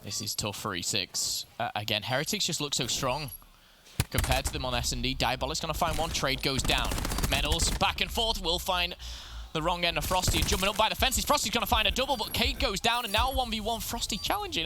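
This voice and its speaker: A man commentating a competitive video game match, excitable and analytical, often restarting his sentences, with game noise behind him. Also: fairly high pitch, a little fast. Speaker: esports caster. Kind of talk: play-by-play commentary.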